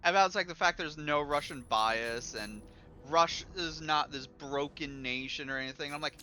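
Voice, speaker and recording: A man streams while chatting casually about a game, ranting with animated energy and swearing a lot. His voice is a little high and his pace moderate.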